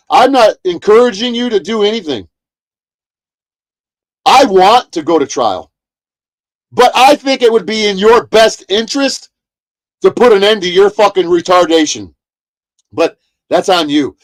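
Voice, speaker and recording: A man's voice: high-pitched, animated, moderate pace, pauses often. A man ranting heatedly on a livestream, profane and repetitive. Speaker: streamer. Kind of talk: angry livestream rant.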